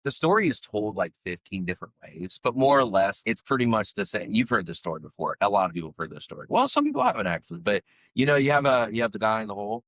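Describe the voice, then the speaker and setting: A man co-hosting a podcast, chatting casually and telling an old story in a relaxed way, often repeating words as he goes. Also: on the low side, fast, dry recording, low-quality recording. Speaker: podcast co-host.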